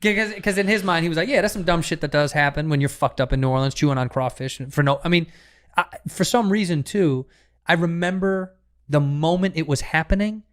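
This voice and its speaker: A man, a comedian guest on a podcast, telling a profane, animated story in casual chat with many restarts. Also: fairly high pitch, brisk, clean tone.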